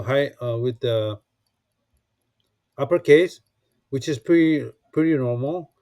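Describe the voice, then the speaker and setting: A man's voice: mid-range voice, darkish tone, no room sound, studio quality. A man teaching a beginner language lesson from a textbook, patiently repeating words and checking in with "okay?" after each point. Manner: frequent restarts and fillers while explaining.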